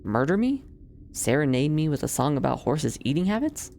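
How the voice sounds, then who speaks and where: A streamer giving quick, joking asides during a game playthrough. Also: mid-range voice, animated, vocal fry, darkish tone, a little hiss or hum.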